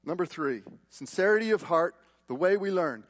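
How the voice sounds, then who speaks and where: A male pastor preaching a sermon, telling personal stories with repeated words and shifting from loud emphasis to hushed tones. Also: high voice, lively intonation. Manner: storytelling with repeated words and quick asides. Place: church.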